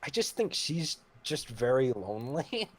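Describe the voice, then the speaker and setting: A man chatting on an online call who tells stories in a halting, rambling way. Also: mid-range voice, big pitch swings. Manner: hesitant, rambling storyteller. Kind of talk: casual group voice chat.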